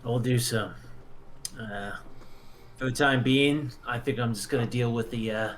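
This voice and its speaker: A man's voice: mid-range voice, moderate pace, a bit bright, a little hiss or hum. A man playing a tabletop game. He talks in a rambling way and laughs often. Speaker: player. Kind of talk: tabletop role-play.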